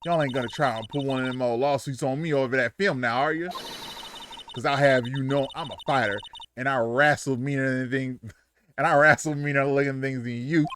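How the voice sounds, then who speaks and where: A man voicing a brash Southern country woman photographer with an American Southern accent and a loud, feisty drawl. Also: medium pitch, steady tone, a little fast, background noise, close to an everyday voice. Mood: defiant.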